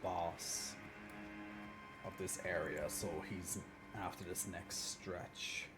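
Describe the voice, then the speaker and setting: A man's voice: low voice, fairly even intonation, slow, loud music behind the voice. A man streaming a video game, chatting casually and muttering sarcastic asides to himself. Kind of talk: casual gameplay commentary. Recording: stream audio with background noise.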